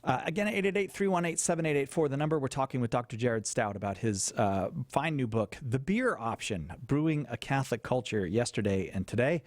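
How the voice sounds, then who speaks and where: A man's voice: medium pitch, expressive, fairly quick, hardly any pauses, dry recording, studio quality. A man hosting a live call-in radio show, talking with frequent hesitations and restarts. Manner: hesitant, with many fillers and restarts. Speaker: radio talk show host. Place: radio studio.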